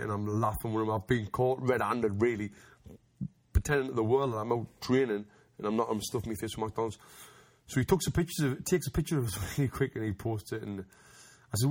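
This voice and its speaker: A man's voice: on the low side, brisk. A man telling a rambling anecdote in casual chat, restarting often and laughing as he goes. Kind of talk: casual storytelling.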